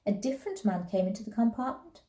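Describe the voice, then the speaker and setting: A woman, a primary school teacher, reading a children's novel aloud in a gentle, unhurried way. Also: on the high side, big pitch swings. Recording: roomy echo.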